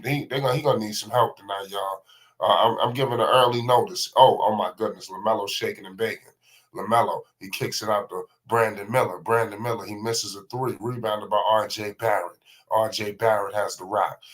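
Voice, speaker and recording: A man calling basketball play by play on a livestream, excitable and slangy, naming every pass. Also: medium pitch. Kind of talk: live play-by-play commentary.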